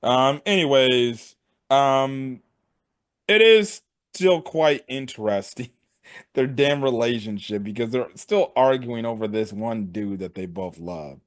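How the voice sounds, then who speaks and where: A man's voice: medium pitch, takes it slowly. A man casually recapping anime episodes with a co-host over a call, rambling with fillers.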